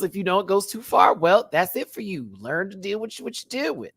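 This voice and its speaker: A man hosting a live-stream show review, talking in a sassy, animated way and laughing often. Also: fairly high pitch, fairly quick, few pauses, dry recording. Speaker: drag show reviewer and channel host.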